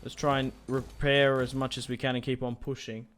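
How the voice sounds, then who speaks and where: A man's voice: medium pitch, level tone, moderate pace, a bit bright. A young man giving casual, rambling commentary on a strategy game, thinking aloud with fillers. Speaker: gaming YouTuber.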